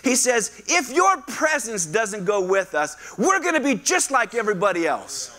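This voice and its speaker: A male pastor preaching a lively sermon, acting out voices and calling on the congregation to respond. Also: sits high, normal speed. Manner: animated, acts out quoted voices, asks the congregation to respond. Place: church sanctuary.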